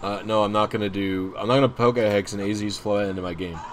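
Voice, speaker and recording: Young male streamer, lowish voice, rambling, self-mocking, loose casual chat. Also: fairly even intonation, fast talker, slight background noise.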